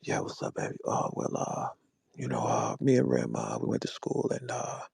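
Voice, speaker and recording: A man imitating another rapper as a laid-back, deep-voiced smooth talker who murmurs and drawls with lots of fillers. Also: wildly swooping pitch, moderate pace, a little mellow, no room sound, studio quality, full character voice. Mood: crooning. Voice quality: deep, low crooning murmur.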